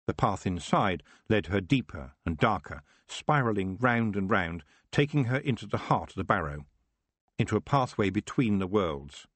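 Low husky guy reading a story aloud, lively delivery, dry close sound. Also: no room sound. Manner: expressive storytelling. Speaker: audiobook narrator. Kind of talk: scripted narration.

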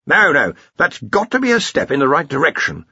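A man voicing a blustering older male wizard archchancellor, booming and hearty, in an audiobook. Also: wildly swooping pitch, fairly quick, pushed and bright, husky, no room sound, muffled recording, full character voice. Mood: musing. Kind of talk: audiobook character voice.

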